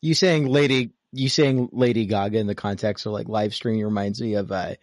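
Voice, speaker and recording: A man co-hosts a casual podcast with a low voice that sounds dry and close. He asks curious questions, often hesitating with an "uh". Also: fairly even intonation, a little fast, no room sound. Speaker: co-host. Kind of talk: casual chat.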